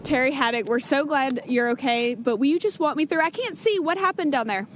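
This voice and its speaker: A woman's voice: high-pitched, brisk, slight background noise. A woman with a Southern US accent reporting track-side, asking drivers upbeat, direct questions outdoors. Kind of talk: post-race interview.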